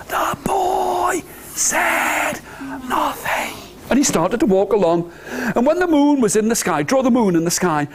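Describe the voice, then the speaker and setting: A man telling an interactive story to nursery children, animated and coaxing them to join in. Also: high-pitched. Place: nursery school room.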